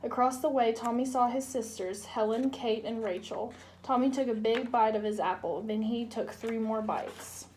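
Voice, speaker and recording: A young woman, a student, narrating a children's storybook read-aloud in a gentle, clear way. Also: a little high, fairly even intonation, moderate pace, hardly any pauses, slight background noise. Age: young adult. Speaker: student reader.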